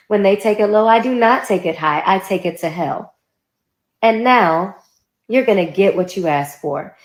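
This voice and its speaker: A woman's voice: medium pitch, echoey room, poor audio. A woman in her forties telling her own story straight to camera, blunt and defiant, acting out the people she quotes. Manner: blunt and defiant, then chatty with acted-out quotes. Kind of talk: personal story video.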